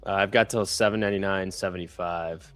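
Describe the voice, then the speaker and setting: A man's voice: deep voice, fairly even intonation, brisk, a bit bright, smooth, soft background music. A man trading live on a stream, chatting, joking and cheering the price on.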